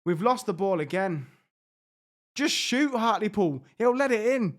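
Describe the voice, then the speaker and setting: A man reacting out loud as he plays a football management game, exasperated and excitable, talking to his players. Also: sits high, unhurried. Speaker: gaming YouTuber.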